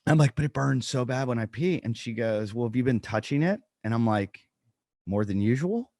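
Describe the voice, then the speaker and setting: A man's voice: medium pitch, animated, moderate pace, darkish tone, dry recording, clean studio sound. A man co-hosting a podcast, telling a funny story in casual chat and acting out the quotes. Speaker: podcast co-host, comedian.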